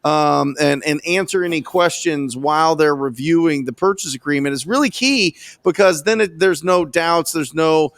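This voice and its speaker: Dry, higher-pitched enthusiastic male host. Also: normal speed, hardly any pauses, fairly bright tone, no echo. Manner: enthusiastic, praising, asks probing questions. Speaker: podcast host. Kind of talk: coaching interview.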